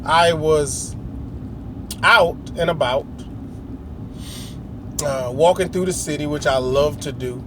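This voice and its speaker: A man's voice: fairly high pitch, takes it slowly, pauses often, noisy background. A middle-aged man telling a long, rambling story in a casual, slangy way, often acting out other people's lines. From United States. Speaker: vlogger.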